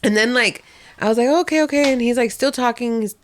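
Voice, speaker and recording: A woman's voice: on the high side, little pitch movement, fairly quick, slight background noise. A young woman co-hosting a podcast, chatting casually and acting out quotes in her stories, often laughing. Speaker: podcast co-host. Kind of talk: casual chat.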